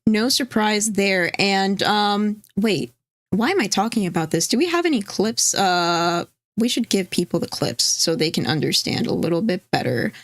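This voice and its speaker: A woman co-hosts a livestream in loose, rambling talk, picking up comments from chat as she goes and dropping casual swears. Her voice sits mid-pitch and sounds close and dry, with no room around it. She speaks from a home streaming setup. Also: lively intonation, moderate pace, no room sound. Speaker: stream co-host.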